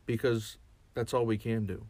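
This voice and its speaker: A man's voice: lowish voice, flat delivery, normal speed, darkish tone, no room sound. A man speaking as a chaplain in a reflective podcast monologue, earnest and often restarting and repeating his words.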